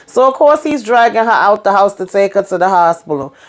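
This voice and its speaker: A woman vlogger chatting casually through a TV episode recap, animated and quick to act out lines. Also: medium pitch. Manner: chatty and animated, acting out quotes.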